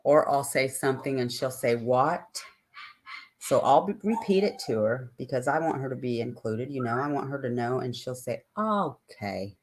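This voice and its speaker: A woman's voice: extremely low pitch, brisk, hardly any pauses, darkish tone. An older woman hosting a live stream, chatting casually and ramblingly with her viewers and answering their comments.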